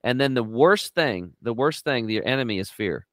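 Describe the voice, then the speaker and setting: A middle-aged man telling stories in a lively interview, acting out quotes with sudden jumps in his voice. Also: normal speed, dry recording. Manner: animated storyteller, acts out quotes with big pitch jumps. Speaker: guest on a health talk show. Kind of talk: energetic conversational interview.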